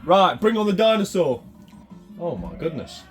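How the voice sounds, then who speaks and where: A man giving excitable running commentary while playing a retro fighting game, swinging between mutters and shouts. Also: sits high, normal speed, soft background music. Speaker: retro gaming channel host.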